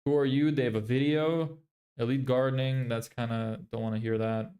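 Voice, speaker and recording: A business vlogger streams his screen and grumbles blunt website critiques at a normal speed. His voice is medium-pitched, mellow and even in tone, and his casual neutral accent is often perceived as American.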